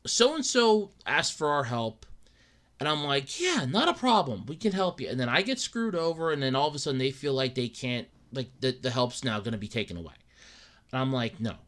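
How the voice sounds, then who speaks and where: A man's voice: on the high side, animated, moderate pace, sharp tone. Rambling, upset young man podcasting solo. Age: young adult. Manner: rambling, repeats words, acts out his own thoughts. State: upset and dejected. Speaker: podcast host. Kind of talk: casual solo podcast rant.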